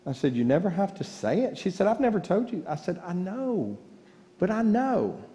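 A man's voice: high-pitched, sing-song, normal speed, mellow. A man preaching a sermon as pastor, telling folksy stories and joking with the congregation. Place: large church sanctuary. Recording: church livestream with long reverb.

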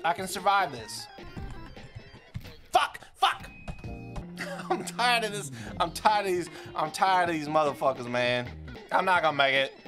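High-voiced young man trash-talking a game. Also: expressive, normal speed, soft background music. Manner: trash-talking, frustrated, loud and swearing. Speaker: streamer. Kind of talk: live gameplay commentary.

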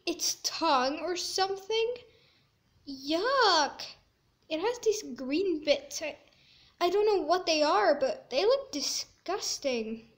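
A woman giving chatty gameplay commentary, squeamish and quick to exclaim in disgust. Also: extremely high pitch. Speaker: gaming video creator.

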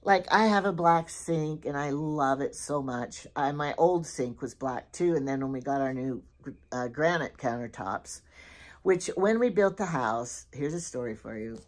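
A middle-aged lifestyle vlogger with a notably low voice chats loosely about her shopping haul, expressive and a little slow. Her rambling, digressive storytelling drifts from one tale to the next, and she loses her thread along the way.

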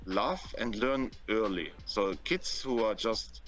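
A man's voice: lowish voice, lively intonation, slow, fairly bright tone, soft background music. A man with a German accent, a guest in an interview, giving earnest advice and often repeating words as he thinks. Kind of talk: interview conversation.

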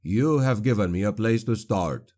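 A man voicing a stern, grim witch hunter in an audiobook, speaking in a low clipped growl. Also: normal speed, mellow, lightly acted. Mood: cold.

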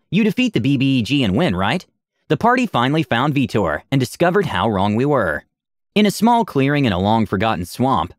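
A man tells a tabletop adventure story in a scripted narration, his pitch rising and falling lively. The recording is dry, with no room sound. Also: no echo.

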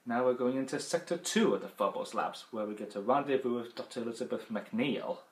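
A man's voice: medium pitch, brisk, echoey room, poor audio. A man with a Yorkshire accent giving rambling, casual game commentary as a let's play host. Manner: rambling, chatty, trailing off.

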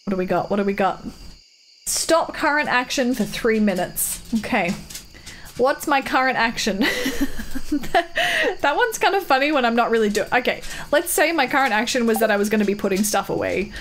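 A woman's voice: a little high, expressive, moderate pace, a little hiss or hum. A woman live-streaming a farming game, chatting casually, reading and answering her chat with frequent giggles.

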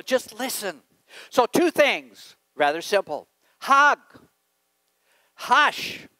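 A man preaching a sermon as a guest speaker, telling stories and swinging from quiet, low passages to loud emphatic points. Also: dry recording, rough recording.

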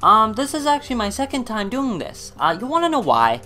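A man's voice: sits high, huge pitch swings, brisk, sharp tone, faint music behind. A man hosting a gaming video, ranting angrily and swearing a lot before starting play. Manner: angry profane ranting. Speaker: gaming YouTuber. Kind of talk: let's play commentary.

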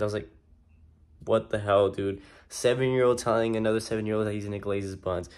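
A young man talks straight to his audience in a loose, slang-heavy rant. He sounds exasperated and swears freely. His voice sits a little low. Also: fairly even intonation, brisk, clear, resonant tone. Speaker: vlogger. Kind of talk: casual rant to camera.

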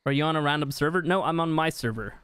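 A man's voice: fairly high pitch, fast talker, fairly bright tone, slight background noise. A young man hosting a live game stream, chatting casually and reading viewer comments aloud with easy laughs. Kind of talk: casual live-stream chat while gaming.

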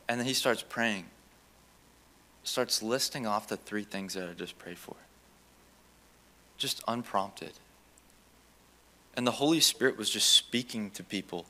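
Young man with a bright, forceful voice. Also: fairly low pitch, a little slow, long pauses. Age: young adult. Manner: animated, acts out quoted dialogue. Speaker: student giving testimony. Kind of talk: chapel testimony storytelling.

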